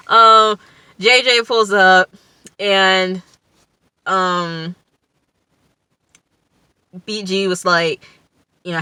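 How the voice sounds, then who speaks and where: A woman's voice: on the low side, moderate pace, pushed and bright, clear, resonant tone, dry recording. Young woman recapping a TV episode. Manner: rambling, lots of fillers like "you know" and "um". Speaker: TV review vlogger.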